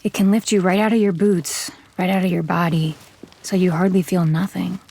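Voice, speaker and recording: A woman narrating an audio drama in first person as a tough, terse gunslinger, in a measured, hard-bitten way. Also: on the low side, fairly even intonation, vocal fry, dark tone.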